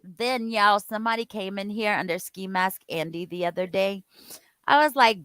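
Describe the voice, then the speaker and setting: A woman's voice: mid-range voice, moderate pace, a bit bright, smooth, no echo, low-quality recording. A woman hosting a casual live-stream chat, talking playfully and laughing often.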